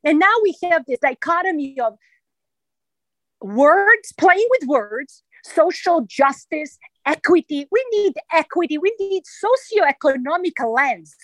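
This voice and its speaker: Serbian-accented woman, high lively voice, dry close sound, talks with lots of passion. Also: unhurried, no echo, low-quality recording. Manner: emphatic, passionate, animated. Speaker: guest. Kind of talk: radio interview.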